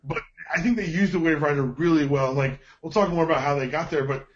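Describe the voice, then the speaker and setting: A man joins a casual TV recap podcast in an easygoing, chuckling way. His voice sits somewhat high, and his audio comes through a bit dull and lo-fi. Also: quick pace. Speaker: podcast co-host.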